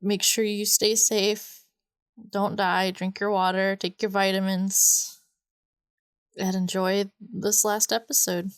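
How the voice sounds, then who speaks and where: Slow, halting podcast host, woman's voice. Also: medium pitch, level tone, clean tone, no room sound, studio quality. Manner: halting, many fillers and pauses. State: emotional, near tears. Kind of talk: casual podcast talk.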